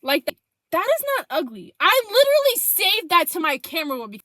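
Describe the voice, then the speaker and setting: A young woman telling a storytime vlog in an animated, emphatic way, full of slang and cursing. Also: very high voice, fairly quick, dry recording. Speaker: vlogger.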